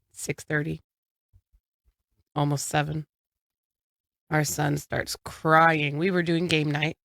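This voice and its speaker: Woman podcast co-host, very low voice, dry close sound, frank storytelling. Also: no echo. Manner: storytelling, frank, swears casually. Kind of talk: casual chat.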